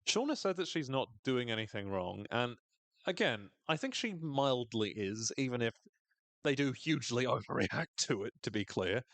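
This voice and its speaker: A man's voice: medium pitch, sing-song, moderate pace, fairly bright tone, no echo. A man hosting a podcast recap, chatting casually and enthusiastically, swearing freely and acting out quoted lines in shifting voices. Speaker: podcast host recapping a TV episode.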